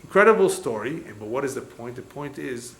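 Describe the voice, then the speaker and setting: A man teaching as a rabbi, telling stories in an animated way and acting out the dialogue as he lectures. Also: mid-range voice, fairly quick. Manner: animated storyteller, acts out quoted dialogue. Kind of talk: lecture with storytelling. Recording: echoey room, faint background noise.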